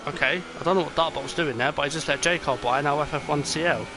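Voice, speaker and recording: A man's voice: on the high side, quick pace. Tired man calling a sim race. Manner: excitable, rambling, many fillers. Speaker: race commentator. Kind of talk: esports race commentary. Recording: noisy, with game car sounds behind.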